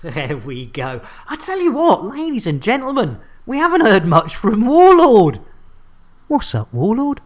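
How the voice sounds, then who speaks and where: Lively, jokey British woman streamer. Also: on the high side, unhurried. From United Kingdom. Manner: jokey and chatty, laughs often, repeats catchphrases. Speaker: game streamer host. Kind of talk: casual gaming livestream chat.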